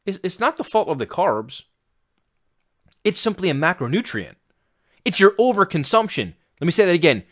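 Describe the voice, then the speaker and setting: A man's voice: high-pitched, very animated, normal speed, pauses often, fairly bright tone. A man hosting a fitness podcast, giving a blunt, exasperated rant that includes some swearing. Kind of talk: ranting podcast monologue.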